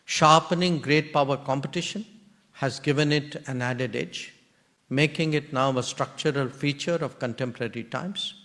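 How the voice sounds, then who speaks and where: Delivering a formal memorial lecture, a man with an Indian accent uses a mid-range, slightly bright voice. His speech is measured and deliberate, divided into short clauses.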